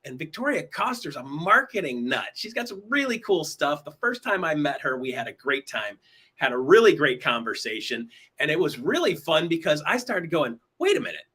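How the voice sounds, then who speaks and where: A man's voice: on the high side, sing-song, moderate pace, bright, forceful tone, husky. A man hosting a weekly online show, chatting in an upbeat, casual way with fillers and restarts. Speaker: host. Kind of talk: casual livestream talk show.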